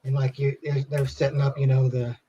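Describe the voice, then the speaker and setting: A man's voice: medium pitch, level tone, brisk, mellow, slight background noise. A man in casual podcast chat, laid-back and filler-heavy. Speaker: podcast co-host. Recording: dull lo-fi sound.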